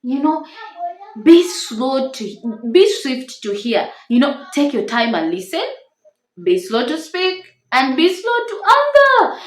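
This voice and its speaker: A woman's voice: sits high, big pitch swings, slow, echoey room. A woman with a tender, small voice giving an earnest, encouraging devotional talk to camera. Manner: earnest, encouraging, stresses words. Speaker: Christian marriage-tips YouTuber.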